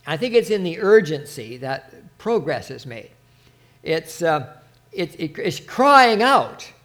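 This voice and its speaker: Male preacher with a high voice; earnest, halting delivery that lifts into fervor when reading scripture. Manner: earnest, halting, many restarts and asides; reads scripture with rising fervor. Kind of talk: informal sermon with scripture reading.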